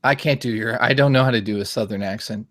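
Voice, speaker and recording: A man's voice: mid-range voice, fast talker, a bit bright. Jokey young man in casual chat. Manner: jokey, trying out silly impressions. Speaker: guest YouTuber.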